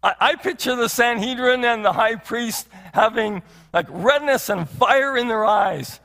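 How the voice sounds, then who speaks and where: Unhurried yet forceful, a male pastor with an extremely high, bright voice preaches earnestly in a church sanctuary. Long hall reverb surrounds his sermon, which is full of rhetorical questions and repeated phrases.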